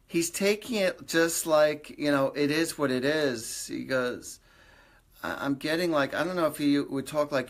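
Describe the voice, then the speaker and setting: A man's voice: medium pitch, moderate pace, fairly bright tone. A man hosting a live stream, giving psychic readings in a rambling, conversational way with lots of fillers. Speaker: psychic medium host.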